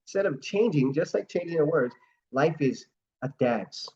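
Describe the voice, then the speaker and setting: A man's voice: a little high, lively intonation, moderate pace, dark tone, muffled recording, slight background noise. A man hosting an online motivational talk, telling stories earnestly and acting out quotes. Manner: earnest, storytelling, acts out quotes. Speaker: host.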